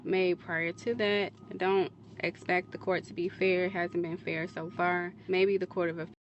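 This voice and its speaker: A woman's voice: lowish voice, flat delivery, moderate pace, muffled recording, slight background noise. A woman speaking in a clip, giving an earnest, defensive monologue to camera that rambles from point to point. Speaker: social media creator in a played clip.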